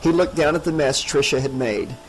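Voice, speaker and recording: A man narrating a horror audiobook in a steady, dramatic reading. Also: mid-range voice, a little fast, soft background music, poor audio.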